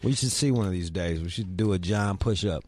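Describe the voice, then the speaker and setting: A man's voice: sits low, fairly quick, darkish tone, soft background music. A young man hosting a podcast, chatting casually with crude, teasing talk and heavy swearing. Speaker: podcast host. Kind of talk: casual chat.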